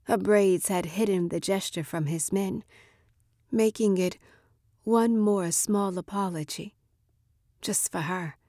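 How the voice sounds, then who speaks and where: A woman narrating a short story in a measured, expressive reading. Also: medium pitch, dry recording, studio quality.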